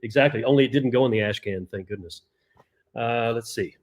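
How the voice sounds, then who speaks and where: A man's voice: medium pitch, a little fast, a little hiss or hum. A man in his fifties co-hosting a casual chat, telling rambling stories with chuckles. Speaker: co-host. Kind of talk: casual chat about comic collecting.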